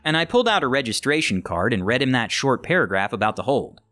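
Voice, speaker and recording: A man reading online stories aloud as scripted narration, animated and acting out the quoted lines. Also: medium pitch, fast talker, hardly any pauses. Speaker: story narrator.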